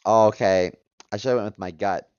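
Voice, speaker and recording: A man's voice: lowish voice, normal speed, a little mellow, smooth, dry recording. A man in his thirties co-hosting a comedy podcast, chatty and joking as he runs through a list. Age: 30s. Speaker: podcast co-host. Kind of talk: casual comedic chat. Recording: dull dry mic sound.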